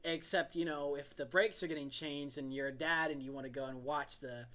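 Talkative podcast dude, kinda high voice, bright and sharp, laughs a lot. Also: male voice. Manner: chatty, animated, quick to laugh. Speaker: podcast co-host. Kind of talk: casual chat.

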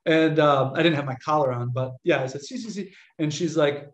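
A young American Catholic priest gives a loose, story-driven talk to an audience, his voice a little high and his pace brisk. Chatty and animated, he acts out the voices of the people he quotes, and the sound echoes around the room.

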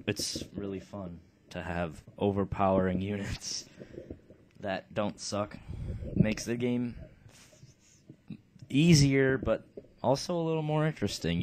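Slow, low-voiced let's play host. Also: male voice, a little mellow, a little hiss or hum. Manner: laid-back and offhand. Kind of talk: casual game commentary.

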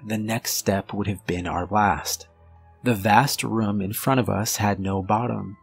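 A man reads a scripted horror story in a low, unhurried voice. His delivery is measured and steady, with faint music under it. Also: vocal fry. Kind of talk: scripted narration.

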